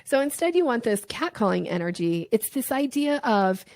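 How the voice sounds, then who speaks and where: A woman's voice: a little high, moderate pace, no room sound. A woman, a sales coach, explaining her method in a conversational interview and acting out short examples in playful voices. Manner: animated, acts out little voices and examples.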